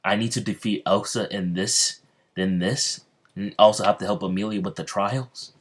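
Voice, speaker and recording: A man's voice: on the low side, fairly even intonation, normal speed, close to an everyday voice. A man voicing a panicky young male anime hero who fires off frantic questions. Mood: alarmed.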